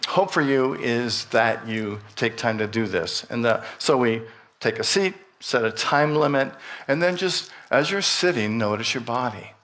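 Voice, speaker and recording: A middle-aged man speaks from a church pulpit, calm and very unhurried. His voice sits at an ordinary pitch, and he gently guides the listeners through a breathing meditation with light humor. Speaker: minister. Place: church sanctuary.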